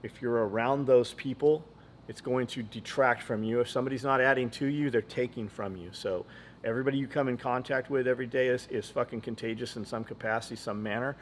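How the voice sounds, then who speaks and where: A man's voice: medium pitch, fairly even intonation, a little fast, slight background noise. A man hosting a podcast in casual chat, blunt and profane, rambling from story to story. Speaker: podcast host.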